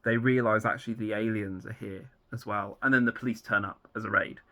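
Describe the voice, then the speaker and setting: Casual male storyteller, gravelly edge, loose and rambling, lots of ums. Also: on the low side, steady tone, a little fast, pushed and bright. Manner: rambling, loose with many fillers. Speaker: fan writer outlining his own series. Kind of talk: casual plot rundown.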